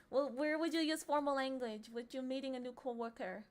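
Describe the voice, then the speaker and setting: A woman streamer with a high, light voice chats casually as she reads quiz options aloud. She teases her viewers playfully and often slips into soft murmurs and whispers. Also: a little fast, few pauses, slight background noise. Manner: playful and teasing, often breaking into giggles. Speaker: livestreamer. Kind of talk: casual livestream chat, reading quiz questions aloud.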